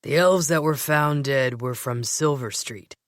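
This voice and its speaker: A teasing young man with a slow, unhurried drawl, as a woman narrator puts him on. He sits a little lower than her own voice and sounds relaxed and amused. The sound is dry and close. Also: no echo.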